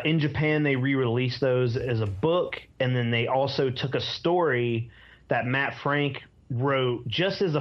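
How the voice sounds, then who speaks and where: Hesitant man, dull lo-fi sound. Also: medium pitch. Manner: hesitant, full of ums. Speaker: podcast co-host. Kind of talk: casual chat.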